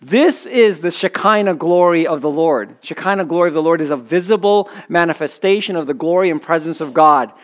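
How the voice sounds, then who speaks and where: A man's voice: on the high side, fairly quick, few pauses. A man preaching a sermon in a conversational way, often asking the congregation questions. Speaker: pastor.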